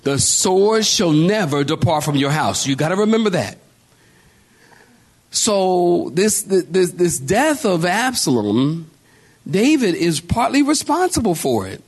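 A man's voice: high voice, sing-song, slow pace, slightly rough. A man preaching a sermon as pastor, emphatic and calling out to his congregation with repeated exhortations. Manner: calls out to the congregation.

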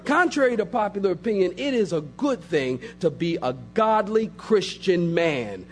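A man's voice: high-pitched, sing-song, normal speed, soft background music. A man preaching a sermon as pastor, emphatic and repetitive, building phrase upon phrase.

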